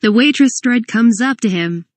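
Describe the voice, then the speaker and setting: A fairly high-pitched woman reads a comedic parody script aloud, moving between stage directions and lines of dialogue. She spells some names out letter by letter. The recording is dry and close, with no room echo. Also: animated, moderate pace.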